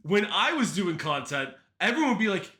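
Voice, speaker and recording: A man co-hosting a casual podcast, telling stories in an animated, sarcastic way. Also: high-pitched, fairly quick, slightly rough. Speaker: podcast co-host. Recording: roomy echo.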